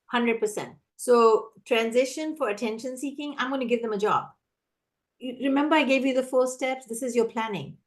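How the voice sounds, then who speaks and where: Lively woman leading a teacher training. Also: fairly high pitch, moderate pace. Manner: energetic, animated, acts out teacher and child voices. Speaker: classroom management trainer. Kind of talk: live webinar Q&A teaching.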